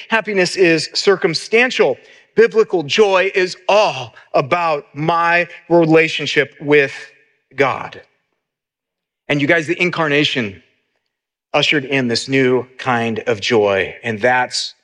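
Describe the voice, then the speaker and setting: A middle-aged male pastor preaching a sermon in a conversational, animated storytelling way. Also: mid-range voice.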